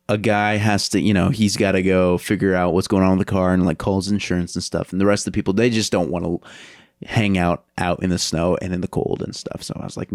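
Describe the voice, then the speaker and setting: A man telling a story in casual podcast chat, animated, laughing often and acting out what people said. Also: low-pitched, no room sound, clean studio sound. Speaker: podcast guest.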